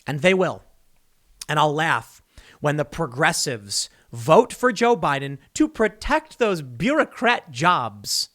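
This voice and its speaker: Animated man doing political commentary. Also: fairly high pitch, slow pace. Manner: emphatic, sarcastic, reads news excerpts aloud.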